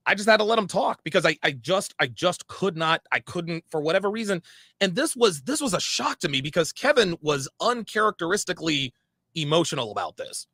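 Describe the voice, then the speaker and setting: A man retells a past dispute in a lively, gravelly voice that swings widely in pitch. He is emphatic and often repeats and restarts his phrases. The sound is close and dry. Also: fairly quick, dry recording. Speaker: podcast guest recounting a story. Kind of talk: animated storytelling.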